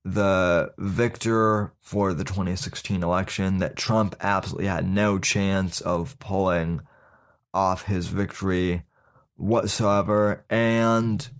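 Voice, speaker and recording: Slow, low-voiced male podcast host. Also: fairly even intonation. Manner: sarcastic, folksy, addresses listeners as folks; halting, with frequent fillers and restarts. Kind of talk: casual opinion commentary.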